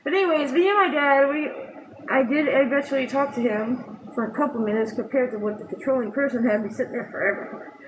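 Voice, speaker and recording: Vlogger, female, high voice, rambling and profane, noisy background. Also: a little fast, echoey room. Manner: rambling, swears freely, laughs through tears. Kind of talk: emotional personal storytelling.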